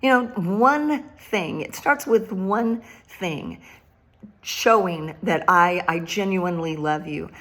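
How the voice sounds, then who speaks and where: A woman's voice: fairly low pitch, slow pace, a bit bright. An older woman and grandmother giving a casual devotional talk, laughing often and repeating phrases for emphasis. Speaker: Christian speaker.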